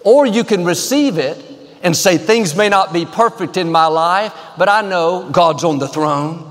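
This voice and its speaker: Male pastor, high voice, emphatic upbeat preaching, big hall reverb, faint music. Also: unhurried. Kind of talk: televised sermon.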